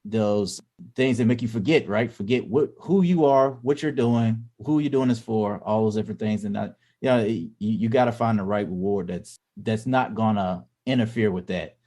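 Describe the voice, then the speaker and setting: A man with a low-pitched voice co-hosting a casual podcast chat. He rambles, restarting his sentences and leaning on fillers as he works his thoughts out loud. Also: normal speed, few pauses. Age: adult parent. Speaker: podcast co-host.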